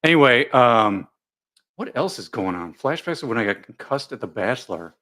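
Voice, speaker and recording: A man's voice: medium pitch, sing-song, moderate pace, pushed and bright. A man hosting a casual live commentary stream, joking, rambling, and reading viewer comments aloud.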